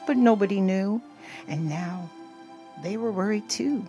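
An older woman gently reading a children's storybook aloud as the show's storyteller. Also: medium pitch, faint music behind. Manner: slow, expressive, gentle reading. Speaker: storyteller host.

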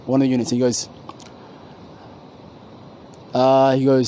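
A man's voice: mid-range voice, monotone, a little slow, long pauses, dark tone, a little hiss or hum, low-quality recording. A man rambling in casual, profane slang, often searching for his words, outdoors on a university campus. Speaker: podcast co-host. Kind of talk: casual profane street chat.

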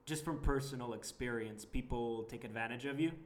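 A man's voice: mid-range voice, brisk, slight background noise. A young man talking in a casual couples chat, earnest and reflective, laughing often.

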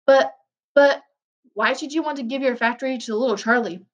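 A woman's voice: high voice, a little fast, muffled recording, pitched above the performer's own voice. A woman voicing a kindly, astonished old grandfather in a storybook reading, with an earnest, wondering delivery.

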